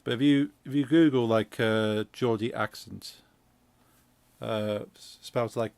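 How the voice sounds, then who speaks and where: A man with a Midlands accent explains things in a loose, rambling way, stopping and restarting as he goes. His voice has a gravelly edge. The recording is dry and close. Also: medium pitch, moderate pace, darkish tone, no room sound. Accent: English Midlands. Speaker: streamer host. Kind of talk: casual chat while gaming.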